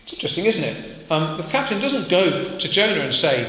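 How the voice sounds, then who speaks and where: A man's voice: a little high, very animated, normal speed, pushed and bright, slight background noise. A man preaching a sermon to a congregation, talking in a conversational way and putting questions to his listeners. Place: church hall. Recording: echoey hall, faint ambience.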